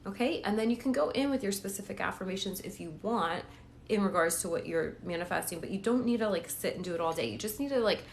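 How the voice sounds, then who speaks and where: A woman's voice: mid-range voice, animated, fast, slight background noise. Chatty woman coaching on a live stream. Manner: chatty, encouraging, repeats "okay?" and "right?". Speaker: manifestation coach. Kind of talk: casual live-stream talk.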